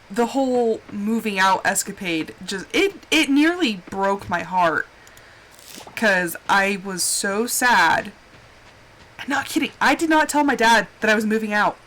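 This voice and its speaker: A woman game streamer chats casually and openly with her viewers in a medium-pitched, slightly bright voice that is animated and unhurried. Speaking straight to them, she sounds heartfelt and reassuring.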